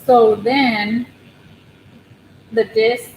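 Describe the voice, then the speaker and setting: A woman's voice: a little high, very slow. A woman hosting a casual livestream from her living room, nervous and rambling, with many ums and restarts. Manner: nervous, soft-spoken. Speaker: crochet channel host on a livestream. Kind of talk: casual live chat with viewers. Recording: roomy room with steady background noise.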